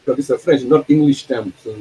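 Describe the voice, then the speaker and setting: A man lecturing a university law class, explaining terms slowly, repeating them and putting questions to the students. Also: medium pitch, dark tone, breathy edge, poor audio.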